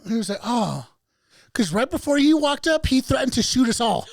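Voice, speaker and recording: A man's voice: very high-pitched, normal speed, gravelly, dry recording. A man co-hosting a podcast, telling a story in a casual, profane way and acting out the people in it. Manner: animated, profane, acts out other people's voices. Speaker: podcast co-host.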